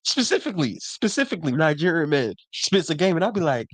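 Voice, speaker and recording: A man's voice: a little high, big pitch swings, fast talker, a bit bright, no room sound. A man co-hosting a casual chat, chiming in and laughing along.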